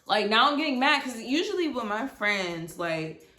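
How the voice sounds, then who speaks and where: A young woman in her twenties telling a casual storytime, animated and blunt, swearing freely. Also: on the high side, normal speed, roomy sound. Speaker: vlogger.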